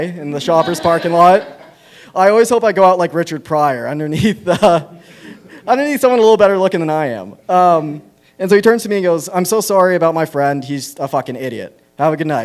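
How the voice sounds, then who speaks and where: A man with a Canadian accent doing a self-deprecating stand-up set at an open mic, rambling through stories with plenty of fillers. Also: fairly high pitch. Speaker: stand-up comedian. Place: small comedy venue on stage.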